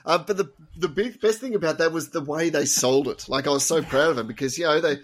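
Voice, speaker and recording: A man's voice: a little high, fast. A man co-hosting a casual teachers' podcast who explains patiently and chuckles at his own puns. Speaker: teacher and co-host.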